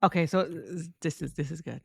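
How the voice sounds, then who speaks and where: A woman giving excitable, profane commentary over footage of her own fighting game matches and talking straight to viewers. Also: deep voice, fairly quick, vocal fry, breathy edge. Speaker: competitive fighting game player. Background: faint background music.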